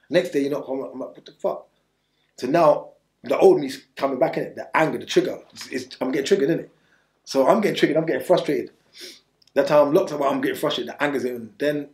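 A man's voice: mid-range voice, a little mellow, roomy sound. A man telling his story bluntly in street slang during an interview, rambling and restarting as he goes. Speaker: interview guest.

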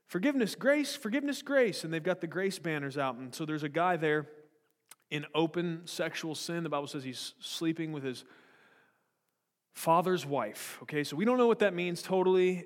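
A man preaching a sermon in a church, blunt and confrontational with joking asides. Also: on the high side. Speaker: pastor. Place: church sanctuary. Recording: long echo of a large hall.

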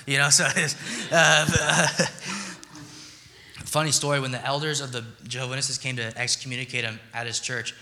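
A man's voice: mid-range voice, steady tone, fairly quick, bright, forceful tone, slight background noise. A young man giving a casual, joking sermon as a pastor, chatty and self-deprecating, with slang. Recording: long hall reverb.

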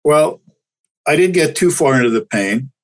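A man's voice: on the high side, lively intonation, normal speed, rough recording. Older man, candid and reflective. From Canada. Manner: candid, reflective, with stumbling restarts. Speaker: guest chiropractor. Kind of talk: casual interview talk.

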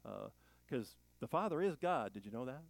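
A man gives a loose, conversational sermon as a pastor, trading his pulpit tone for folksy jokes and rambling asides. His voice sits at an ordinary middle pitch, and the recording is dry and close, with almost no room sound. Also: very animated, normal speed, vocal fry, no echo, low-quality recording.

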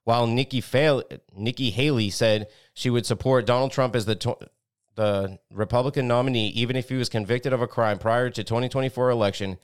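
A man with a smooth, clear voice of middling pitch reads the week's articles on a podcast. He breaks off into blunt, cursing commentary and trips over words now and then. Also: fairly even intonation, brisk. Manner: blunt, profane asides between read passages; stumbles and restarts words while reading. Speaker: podcast co-host. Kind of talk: reading news articles with commentary.

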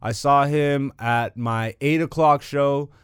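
A man's voice: medium pitch, steady tone, slow, clean tone, no echo, clean studio sound. A man hosting his own podcast as a stand-up comic, telling stories in a swaggering, profane, hyped-up way. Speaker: podcast host and stand-up comedian. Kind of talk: casual solo podcast chat.

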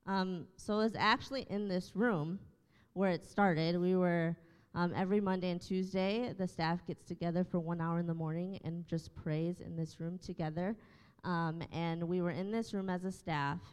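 A woman's voice: fairly low pitch, smooth, big-room sound. A woman in her thirties, a church staff member, telling her testimony in an interview with earnest storytelling and many fillers. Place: church room.

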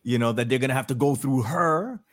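Middle-aged guy hosting a podcast, rambly, lots of restarts and jokey asides, average pitch. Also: brisk. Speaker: podcast host. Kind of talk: casual political podcast chat.

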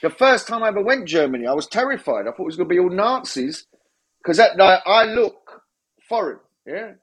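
Husky man telling jokey stories. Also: sits high, sing-song, fairly quick, a bit bright. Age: middle-aged. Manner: jokey storyteller, sarcastic, swears casually. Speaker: guest DJ. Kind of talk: casual interview anecdotes.

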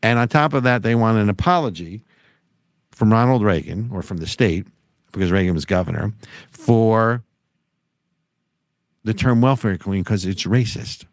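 A man's voice: fairly low pitch, animated, normal speed, pauses often, dry recording, studio quality. A man co-hosting a casual political talk show, wry and sarcastic, rambling with restarts. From United States. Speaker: podcast co-host.

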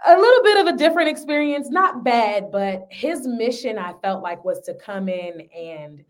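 A young adult woman and singer, a guest chatting casually and animatedly on a podcast, moving between loud bursts and softer asides. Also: a little high, normal speed. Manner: animated, expressive, swings between loud and soft. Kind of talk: casual interview chat.

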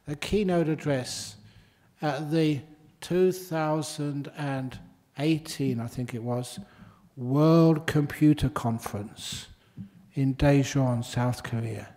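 A man's voice: on the high side, warm tone. A man, a Buddhist monk, giving a humorous dharma talk in a chatty way and laughing at his own stories.

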